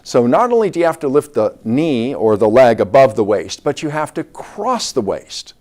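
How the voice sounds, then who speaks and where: A man's voice: medium pitch, big pitch swings, normal speed, a little mellow. A man, a doctor guest, explaining step by step in an interview.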